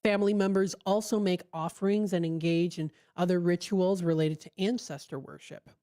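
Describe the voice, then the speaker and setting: A woman radio host reading an article aloud in a casual, relaxed way, stumbling over words now and then with fillers and restarts, speaking into a studio microphone. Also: on the low side, normal speed.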